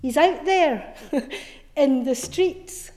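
A middle-aged woman preaches an Easter sermon at an unhurried pace, her voice sitting slightly high. She tells her story earnestly, often sinking soft on repeated words, and a long reverb hangs in the church. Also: lively intonation.

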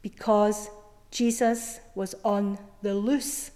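A middle-aged woman preacher giving an Easter sermon, telling her story earnestly with soft, emphatic repetitions. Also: mid-range voice, little pitch movement, slow pace, long reverb tail. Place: church.

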